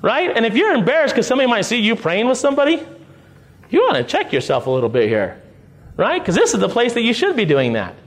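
A man's voice: very high-pitched, wildly swooping pitch, quick pace. A male pastor preaching a sermon in a conversational way, checking in with the congregation through frequent "right?" and "okay?" asides.

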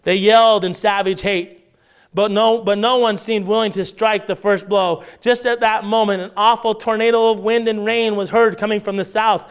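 Guy preaching a sermon, high clear smooth voice, animated storytelling. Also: moderate pace.

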